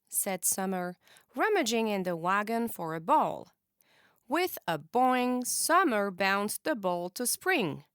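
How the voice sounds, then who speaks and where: A woman teacher reading a children's storybook aloud in an expressive, animated way. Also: on the high side, dry recording, clean studio sound.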